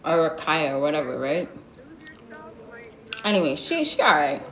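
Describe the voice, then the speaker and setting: A woman's voice: sits low, sing-song, unhurried, a bit bright. A young woman telling a storytime vlog in a blunt, sassy, slangy way, full of asides. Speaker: vlogger. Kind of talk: storytime vlog, casual gossip. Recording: roomy echo.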